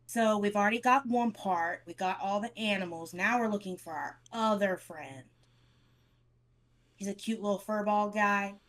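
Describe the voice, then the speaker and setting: A woman's voice: medium pitch, moderate pace. A woman playing a tabletop game, casual and asking questions. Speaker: player.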